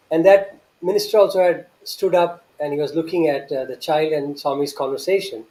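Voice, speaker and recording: Man, earnest anecdotal storytelling, high voice, warm tone. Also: brisk, hardly any pauses, low-quality recording. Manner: earnest, with frequent restarts and rhetorical questions. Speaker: guest recounting memories.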